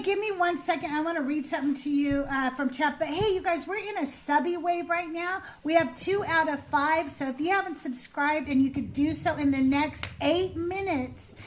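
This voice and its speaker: A woman hosting a live call-in show, telling stories in an animated way and laughing often. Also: high-pitched, moderate pace, hardly any pauses, slight background noise. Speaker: host.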